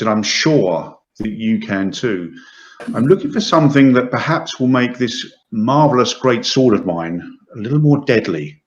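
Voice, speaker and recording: A man's voice: mid-range voice, close to an everyday voice. A man playing a flamboyant male tiefling adventurer who speaks in a grand, flowery way. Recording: echoey, dull lo-fi mic.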